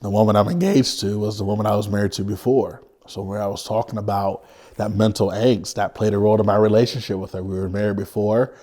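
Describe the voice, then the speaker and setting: Earnest low-voiced man recounting his past. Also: warm tone. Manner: earnest, halting, with frequent restarts; vivid retelling. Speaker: interview guest. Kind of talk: personal life story in an interview.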